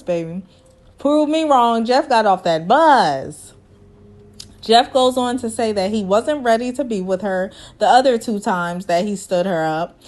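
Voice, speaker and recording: A woman giving a casual, animated recap of a reality show, acting out the people she quotes in voices and speaking in a folksy, way. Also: on the high side.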